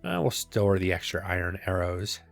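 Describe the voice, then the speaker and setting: A man's voice: deep voice, very animated, moderate pace, creaky, soft background music. A man casually commenting as he plays a video game, chatty and self-mocking, with rambling asides, talking into a desk microphone. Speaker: gameplay video host. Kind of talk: casual let's-play commentary.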